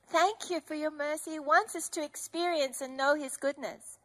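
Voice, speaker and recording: A woman's voice: sits high, fairly even intonation, normal speed, few pauses, a bit bright. A middle-aged woman preaching an emotional, earnest testimony sermon. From Australia.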